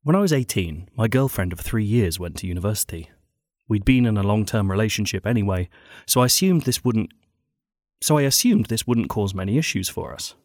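Deadpan man, lively pitch. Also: a little fast, no room sound. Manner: dry, deadpan, mock-gloomy asides. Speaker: podcast host. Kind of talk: comic reading of listener stories.

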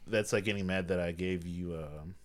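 Low-voiced man recapping a movie wryly. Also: steady tone, normal speed. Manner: wry, dry jokes, recapping the plot. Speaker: podcast co-host. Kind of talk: casual movie review chat.

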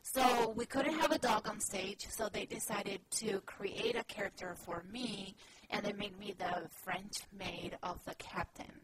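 Woman from Peru, actress guest, rambly chatty storyteller, mid-pitched, heavy hiss on the line. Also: a little slow. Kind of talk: casual interview talk. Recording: loud background hiss.

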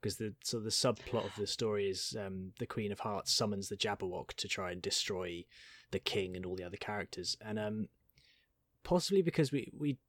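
A man's voice: fairly low pitch, moderate pace, no room sound, studio quality. A man chatting casually in an interview, telling pantomime anecdotes with laughter. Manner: animated anecdotal storyteller, laughs often. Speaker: pantomime performer.

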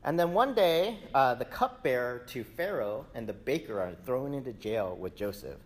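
A man giving a casual sermon, retelling a scripture story with lively, acted-out dialogue. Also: mid-range voice, normal speed. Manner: animated storytelling, acts out quoted characters.

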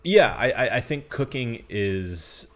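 A man hosting a podcast in casual chat, easygoing and measured, working through his points with plenty of fillers. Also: medium pitch, sing-song, fairly bright tone. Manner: easygoing and measured, hedges with fillers while explaining. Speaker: podcast host.

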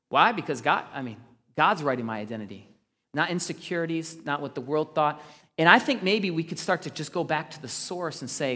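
A man preaching a sermon, earnest, swinging between loud emphasis and quiet asides. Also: fairly high pitch, lively intonation, fairly quick, in a large hall. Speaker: pastor.

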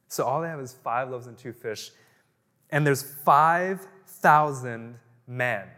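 A man preaching a conversational sermon, animated, often laughing and acting out the voices of the people in his story. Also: medium pitch, in a large hall. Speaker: pastor.

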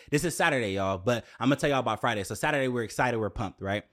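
A young man telling a story to his viewers in a casual, profane, animated way, often jumping up into a high exclaiming voice. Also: fast talker, hardly any pauses. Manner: profane, slangy, addresses viewers directly.

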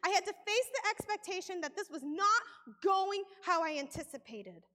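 A woman telling a deeply emotional personal testimony, pausing often, her voice breaking with feeling. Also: expressive, bright, forceful tone, big-room sound. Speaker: speaker sharing a personal testimony.

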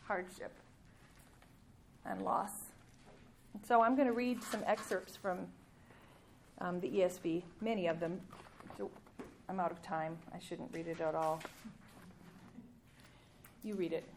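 A woman giving a sermon, reading scripture aloud with emphatic rises and pauses, ending in prayer. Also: fairly low pitch, a little hiss or hum. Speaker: preacher.

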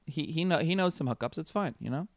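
A man's voice: fairly high pitch, lively intonation, quick pace, no room sound. A man co-hosting a podcast, joking, swearing casually and reading movie taglines aloud. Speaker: podcast co-host.

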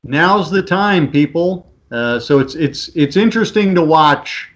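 A man who is a podcast guest, chatting casually and telling animated stories, acting out the voices of other people. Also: a little high, measured pace. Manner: animated storyteller, acts out voices in anecdotes. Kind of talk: casual chat, storytelling.

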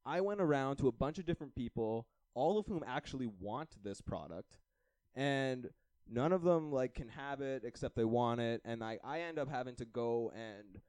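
A man's voice: medium pitch, normal speed, clear, resonant tone, no echo. A young man from Canada telling a long holiday anecdote in casual podcast chat, acting out the dialogue and laughing as he goes. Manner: animated anecdote-telling, acts out quoted dialogue, laughs often. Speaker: podcast co-host.

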